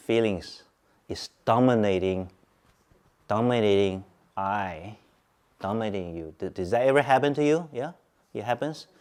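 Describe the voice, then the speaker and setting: A man teaching Buddhism at a Zen centre, speaking calmly, repeating points and asking his listeners questions. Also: on the low side. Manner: calm, repetitive, asks listeners questions. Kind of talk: Dharma talk to a group.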